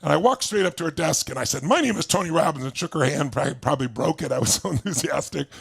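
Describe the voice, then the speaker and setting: A motivational speaker, a man, tells a personal story to an audience in an energetic way and acts out the voices of the people in it. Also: a little high, quick pace, creaky, slightly rough.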